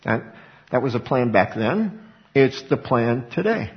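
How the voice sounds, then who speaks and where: A man's voice: mid-range voice, big pitch swings, a little slow. A middle-aged man preaching a sermon in a conversational way, often restarting his words. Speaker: pastor. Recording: dull lo-fi recording.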